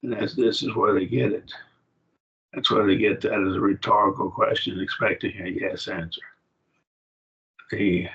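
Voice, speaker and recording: A man with a low voice teaches a Greek grammar lesson on a video call. He explains slowly and puts questions to his class. The call audio is dull and lo-fi. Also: little pitch movement, gravelly, fairly bright tone.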